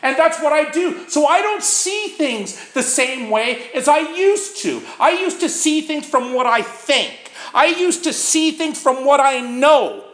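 A man explaining recovery steps to a small group, his pitch swinging widely from low to high as he talks. He tosses in "right?" to keep his listeners with him, and the sound is echoey, as if he is in an open room. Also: sing-song, a little slow, few pauses, a bit bright. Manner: conversational, frequent "right?" asides. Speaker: recovery speaker. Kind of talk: informal talk on recovery steps.

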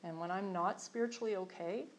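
A woman's voice: mid-range voice, brisk, slight background noise. A middle-aged woman giving a candid, rambling personal testimony with self-deprecating humor to a group in a meeting room. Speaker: speaker sharing her recovery story.

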